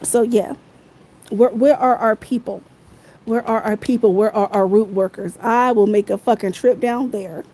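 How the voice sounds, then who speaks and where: A woman rants angrily into her phone on a livestream, swearing freely and circling back to the same phrases again and again. Her voice is warm and mellow, with a soft, dark tone even as she gets heated. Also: on the high side, rough recording. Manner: heated, profane, repeats phrases. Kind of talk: angry livestream rant.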